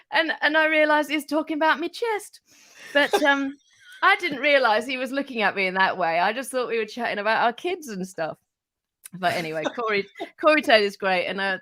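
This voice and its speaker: A talkative woman in her forties, a radio presenter telling stories as a podcast guest. Her voice sits a bit low, and her delivery rambles with fillers, restarts and casual swearing. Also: fairly bright tone, dry recording. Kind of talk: casual anecdotal chat.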